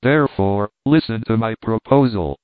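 A man's voice: lowish voice, moderate pace, no echo, natural voice. A man voicing a stern, obstinate older professor in an audiobook, speaking in a firm, commanding way. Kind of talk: audiobook reading. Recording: dry, phone-like narrow sound.

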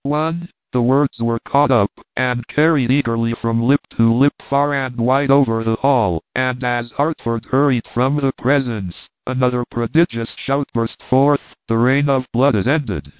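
Guy narrating an old novel, steady pace, tinny dry audio. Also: medium pitch, unhurried, hardly any pauses, dry recording. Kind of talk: storybook narration. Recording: dry tinny phone-like sound.

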